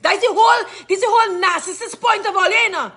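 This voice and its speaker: High, furious Trinidadian woman ranting. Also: quick pace, creaky, bright, forceful tone. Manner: furious, cursing, repetitive questioning. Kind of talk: angry rant to camera.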